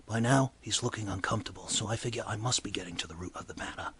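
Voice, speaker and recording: A man voicing a chatty male bartender, telling a bar story in a breathy voice. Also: fairly low pitch, fast talker. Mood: gossipy storytelling. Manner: exclaims loudly, then drops to hushed asides. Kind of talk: comedic character monologue.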